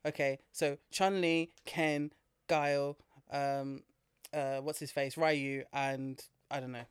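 A man co-hosting a podcast, excitable and slangy, laughing easily. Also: medium pitch, slow, smooth, no room sound, studio quality. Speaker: podcast co-host. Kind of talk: casual chat.

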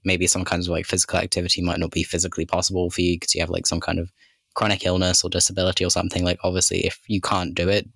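A man's voice: low voice, a bit bright, dry recording. A man co-hosting a podcast in casual chat, rambling and filling his sentences with "like" and "kind of". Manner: rambling, heavy use of "like" and "kind of". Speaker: podcast co-host.

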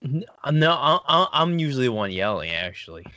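Bright-voiced man laughing through casual chat. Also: medium pitch, big pitch swings, a little fast, dry recording, highs cut off. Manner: laughs often, stammers and repeats words. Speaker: podcast co-host.

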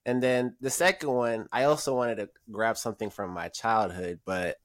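A man talks earnestly on a casual podcast and often halts mid-phrase. His voice is low and sounds close and dry. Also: moderate pace, dry recording. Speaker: podcast co-host. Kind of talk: casual chat.

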